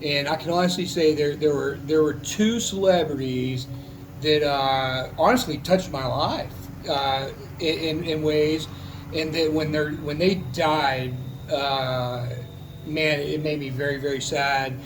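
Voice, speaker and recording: A man's voice: on the high side, fairly even intonation, measured pace, background noise. A man, a military veteran, telling a personal story in a casual, heartfelt, rambling way, with many restarts.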